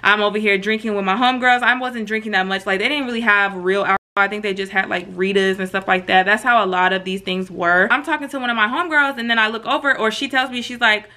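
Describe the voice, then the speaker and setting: A woman vlogger telling a story casually and straight to her viewers, animated and full of slang, acting out the quotes. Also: on the high side.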